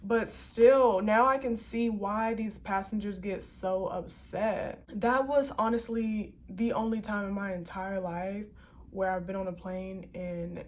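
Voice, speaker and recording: A woman flight attendant tells a story to her viewers, animated and chatty with lots of slang. Her voice sits at a middle pitch, and faint background noise sits under it. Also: measured pace. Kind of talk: casual storytelling vlog.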